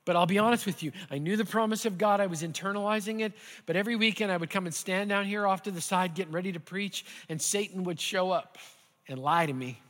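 A man preaching a sermon as pastor, earnest and building at times to animated intensity, in a church sanctuary. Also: sits high, fast. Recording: hall reverb.

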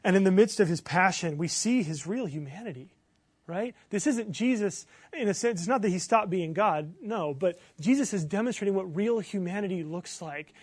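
A man preaching a sermon as pastor, earnest, building to emphatic bursts and then dropping low. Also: animated, normal speed, slightly rough, no room sound.

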